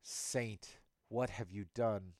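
A man's voice: on the low side, slow, darkish tone, no echo. Give me a grieving cyborg hero, as a male narrator puts him on, tense and accusing, his voice straining upward. It is a dry, close recording. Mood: stunned.

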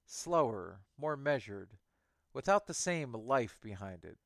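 Give me a male audiobook narrator with a steady, even delivery at a middle pitch. The recording is dry, with no room sound. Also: slow pace, vocal fry, dry recording.

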